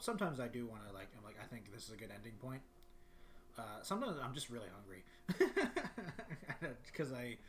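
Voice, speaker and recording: A man's voice: mid-range voice, a bit bright, slight background noise. A young man streaming from his bedroom, chatting casually and rambling with lots of fillers and restarts. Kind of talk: casual solo livestream chat.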